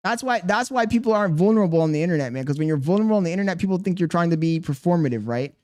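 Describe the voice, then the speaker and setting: A man's voice: high voice, expressive, very fast, a little mellow. A young man livestreaming, talking casually and defensively to his chat, rambling and firing questions back at them.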